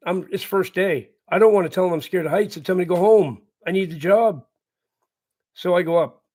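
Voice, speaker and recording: A middle-aged man with a fairly high voice spins a long, loose story to his live chat. He circles back and repeats lines, chuckling through his own tale. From Canada. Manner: rambling, repeats himself, laughs through the telling. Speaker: channel host.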